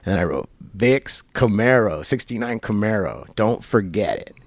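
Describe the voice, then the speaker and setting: A middle-aged man telling a long personal story in an interview at a barbershop, halting and rambling, acting out the people he quotes. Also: lowish voice, lively intonation, no echo. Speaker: guest.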